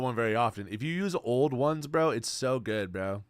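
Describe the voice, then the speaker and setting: A man's voice: mid-range voice, animated, moderate pace, no echo. A man in his twenties, streaming and answering chat in casual, blunt talk full of bro and man. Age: 20s. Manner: blunt, slangy, calls everyone bro and man.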